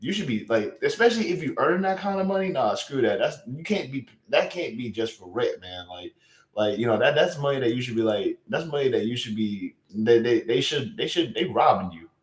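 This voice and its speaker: A man's voice: mid-range voice, lively intonation, brisk, roomy sound. A young man hosting a livestream, chatting casually, incredulous and exclamatory, often repeating himself. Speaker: livestream host.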